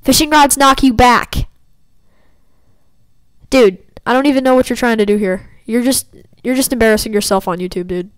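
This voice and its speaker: A woman with a clear, resonant voice sits a little above the usual pitch as she narrates her own gameplay. She teases and taunts her opponents in a loose, joking way. The sound is dry, with no room echo. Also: fast talker, few pauses, a little mellow. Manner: playful trash-talk at opponents. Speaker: gameplay commentator. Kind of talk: casual gaming commentary.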